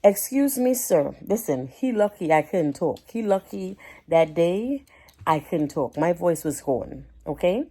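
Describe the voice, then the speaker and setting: A woman's voice: on the low side, animated, measured pace, warm tone, breathy edge. A woman, telling a heated storytime rant to camera in a chatty, indignant way. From Caribbean. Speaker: vlogger.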